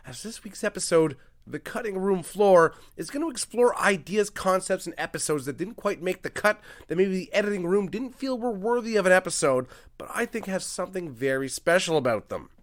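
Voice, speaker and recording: A man hosting a comedy podcast, delivering a monologue in an energetic, mock-grandiose and self-mocking manner. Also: sits high, brisk, few pauses. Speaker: podcast host.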